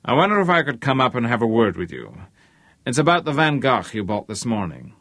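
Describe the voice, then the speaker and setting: A man's voice: medium pitch, very animated, a little fast, a bit bright, no room sound. A man doing a barking, brusque tycoon.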